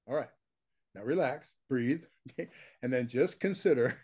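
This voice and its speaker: A man's voice: mid-range voice, moderate pace, a little mellow, slightly rough. An older man, a teacher, talks bluntly and emphatically in an interview and keeps checking in with his listener. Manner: emphatic, blunt, with frequent laughs and rhetorical check-ins. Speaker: consciousness teacher, guest.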